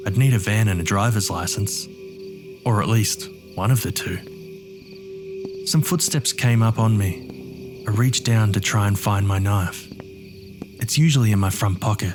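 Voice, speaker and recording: A man narrating a horror story in the first person with a gritty, streetwise delivery. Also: on the low side.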